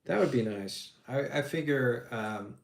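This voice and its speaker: A man's voice: medium pitch, animated, unhurried, vocal fry. A man casually chatting on a livestream while painting miniatures, jokey and rambling, laughing often. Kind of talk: casual chat. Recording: echoey room with faint noise.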